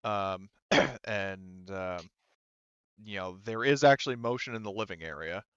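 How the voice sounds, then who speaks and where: A man with a low, smooth, resonant voice narrates a tabletop game as its game master, often pausing with ums and restarting his sentences. The sound is dry and close, with a slightly dull, lo-fi quality. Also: a bit bright, dry recording. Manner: hesitant, many ums and restarts while describing scenes.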